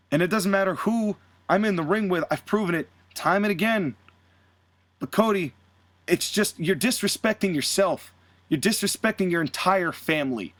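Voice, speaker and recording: A sneering young wrestler, put on by a man mocks his rival with a higher, pushed-up voice and a dry close sound. He swears freely and stays cocky and contemptuous. The taunts come in short, biting jabs. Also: dry recording, lightly acted.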